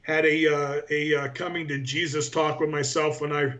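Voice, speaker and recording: A man's voice: fairly high pitch, little pitch movement, normal speed, a bit bright. A man in his forties, a powerlifter guest, telling long rambling anecdotes in a casual interview, full of fillers.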